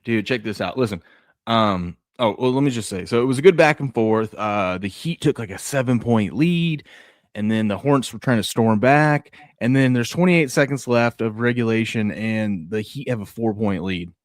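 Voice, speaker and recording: A man co-hosting a sports podcast, telling rambling, excitable stories in casual chat. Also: fairly low pitch, normal speed, dry recording, studio quality. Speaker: podcast co-host.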